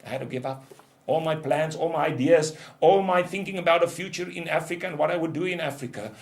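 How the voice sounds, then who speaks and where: Speaking fast, an older man in ministry leadership gives a testimony sermon with intense storytelling that moves between loud outbursts and soft, hushed moments.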